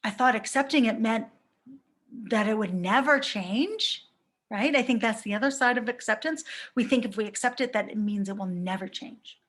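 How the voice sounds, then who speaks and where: A woman's voice: a little high, normal speed, a bit bright. A woman in her thirties, a life coach giving a reflective live talk to viewers and asking many rhetorical questions.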